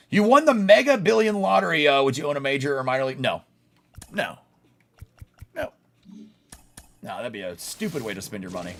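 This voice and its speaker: A man's voice: medium pitch, fairly bright tone. A young adult man live streaming a baseball video game, chatting bluntly and casually with his viewers and laughing often. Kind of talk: live gaming stream chat.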